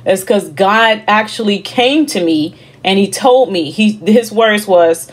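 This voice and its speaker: A woman's voice: mid-range voice, moderate pace, few pauses. Middle-aged woman, online ministry host, emphatic conversational testimony, emotional delivery. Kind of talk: personal testimony.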